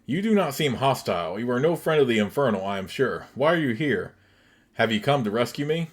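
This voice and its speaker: A man's voice: mid-range voice, sing-song, fairly quick. A man voicing a young, resolute woman wizard-warrior from a computer game, speaking in formal, old-fashioned phrasing. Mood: stern.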